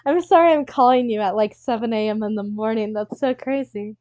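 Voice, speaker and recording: Woman doing a frazzled science-lab boss, high-pitched, shrieking then menacing, dry dull phone-like sound. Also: brisk, warm tone, dry recording, natural voice. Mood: flustered. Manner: shrill frantic outbursts turning to low menace.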